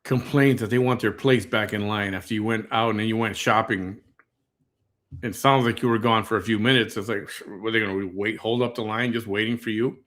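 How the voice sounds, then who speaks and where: Middle-aged man as reaction host, low voice, blunt and indignant. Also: fairly even intonation, a little fast, fairly bright tone. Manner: blunt and indignant, tells stories. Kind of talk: casual reaction commentary.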